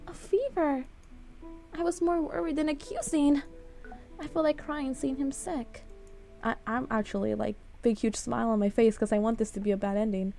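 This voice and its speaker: A woman's voice: high voice, vocal fry, mellow. A young woman reading a dating game's story aloud, reacting emotionally and doting on the characters. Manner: emotional, doting, reacts with sighs and pet names. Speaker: YouTuber reading a game playthrough.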